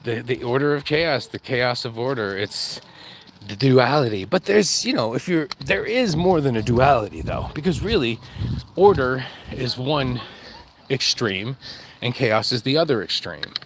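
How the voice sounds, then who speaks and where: A man's voice: mid-range voice, expressive, a little slow, a little hiss or hum. A man vlogging on a dog walk, rambling and joking, laughing at himself as he talks. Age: adult with kids. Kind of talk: casual walk-and-talk monologue.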